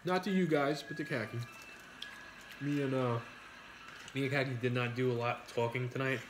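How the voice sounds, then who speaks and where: A man's voice: mid-range voice, steady tone, moderate pace, background noise. A middle-aged man with a New York accent, hosting a casual eating video and joking his way through rambling stories. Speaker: mukbang host. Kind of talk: casual chat while eating.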